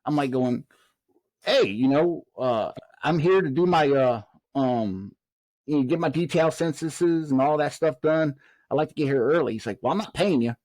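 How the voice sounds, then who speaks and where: A man's voice: a little high, normal speed, dry recording. A man, a former prison officer, telling a long story in a podcast interview and acting out the voices of the people in it. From Southern United States. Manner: animated storyteller, acts out quoted dialogue.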